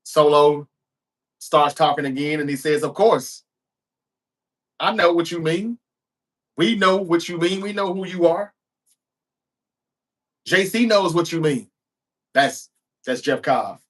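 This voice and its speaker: A man's voice: fairly high pitch, takes it slowly, long pauses. A man hosting a show, giving a casual recap of a wrestling episode and acting out the wrestlers' lines as he goes. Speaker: show host.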